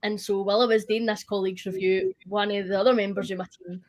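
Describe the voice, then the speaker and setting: A woman's voice: medium pitch, flat delivery, fast talker. A woman, telling funny work stories in a casual chat with friends and laughing often. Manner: giggly storyteller.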